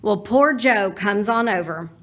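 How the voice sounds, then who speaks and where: A woman from Texas with a Texan accent, telling a personal story in a folksy, animated way. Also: medium pitch, unhurried.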